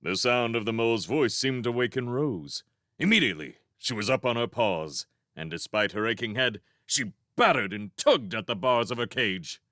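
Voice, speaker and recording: A man reading a children's fantasy novel aloud as narrator, in an expressive storybook style. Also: fairly low pitch, moderate pace, no echo, clean studio sound. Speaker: fan audiobook reader.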